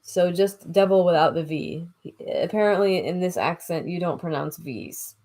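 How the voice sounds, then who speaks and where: A woman's voice: on the low side, moderate pace, a little mellow. Chatty woman reading a classic aloud. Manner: chatty, stumbles over old words, laughs at herself. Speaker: audiobook reader. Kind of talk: casual read-aloud with asides.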